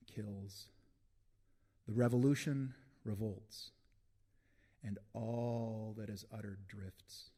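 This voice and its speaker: A man giving a live poetry reading in a concert hall, slow and deliberate with dramatic pauses, into a stage microphone. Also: fairly low pitch, mellow. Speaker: poet.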